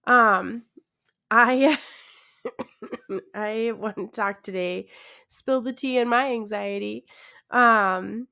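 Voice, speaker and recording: A woman's voice: on the high side, very slow, creaky, pauses often, bright, forceful tone. A young woman hosting her own podcast in a casual, awkward, self-deprecating chat, tired and laughing often. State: tired, yawning. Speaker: podcast host.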